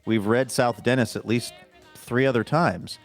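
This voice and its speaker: A man's voice: medium pitch, steady tone, unhurried, soft background music. A man co-hosting a podcast in casual chat, rambling and self-deprecating. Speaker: podcast co-host.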